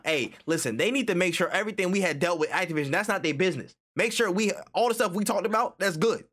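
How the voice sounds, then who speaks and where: A man co-hosting a casual gaming podcast, animated and profane, acting out imagined quotes. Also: sits high, fast, few pauses. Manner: animated, acts out quotes, swears freely. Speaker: podcast co-host.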